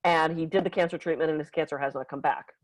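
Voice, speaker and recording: A woman massage therapist tells client stories on a podcast, her slightly low voice jumping up and down as she acts out each quote. The sound is dry and close, with no room around it. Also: fast, no room sound, rough recording. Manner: animated, acts out quotes with big pitch jumps, laughs often. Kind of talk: casual storytelling.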